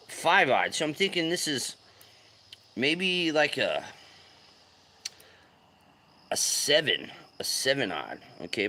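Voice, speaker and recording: A man hosting a fishing livestream, chatting casually and loudly greeting viewers with slang. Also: fairly high pitch. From California.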